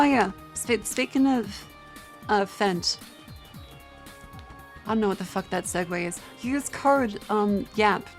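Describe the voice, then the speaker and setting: A young Australian woman chatting casually on a livestream, tired, rambling and swearing with self-mocking banter. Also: mid-range voice. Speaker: streamer. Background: faint music.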